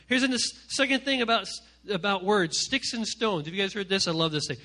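Guy preaching to teens on stage, high bright voice, jokey, keeps doing little voices. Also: brisk, few pauses. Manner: animated, joking, acts out quoted voices. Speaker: youth pastor. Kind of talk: energetic comic sermon to a youth group. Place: stage before a live audience.

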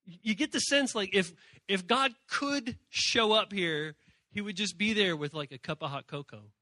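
A man giving an animated youth sermon, telling stories and acting out voices from shrieks to soft murmurs. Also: high voice, normal speed, dry recording. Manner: animated storytelling, acts out characters in shrieks and murmurs. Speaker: youth speaker.

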